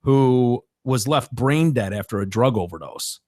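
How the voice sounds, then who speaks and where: A man's voice: mid-range voice, lively intonation, a little slow, darkish tone, no room sound, studio quality. A man hosting a podcast, chatting casually and joking with a co-host, laughing often.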